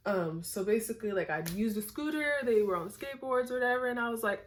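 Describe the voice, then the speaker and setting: Talking fast with barely a pause, this young vlogger from Northern California has a fairly high, expressive voice. She chats to her camera late at night, goofy and worn out, filling her rambling with ums and likes.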